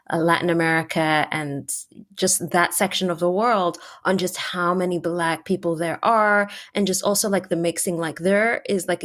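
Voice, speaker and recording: A woman hosting a podcast interview, chatting casually with many "like" fillers and speeding up when excited. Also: on the low side. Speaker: podcast host.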